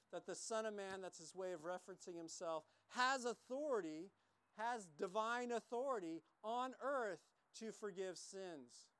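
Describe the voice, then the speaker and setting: A man's voice: high voice, a bit bright, smooth, dry recording. A man preaching a sermon, emphatic and repetitive, acting out quoted lines as he teaches. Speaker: pastor.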